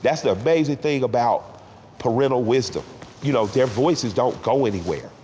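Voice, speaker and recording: A middle-aged man from Atlanta speaks candidly in a sit-down interview, reflective and emotional, often restarting his sentences. His voice sits at an ordinary male pitch. The room sounds large and echoey, with a faint hum of noise behind him. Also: animated, moderate pace, mellow. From Atlanta, Georgia. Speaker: interview guest. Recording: roomy hall with faint background noise.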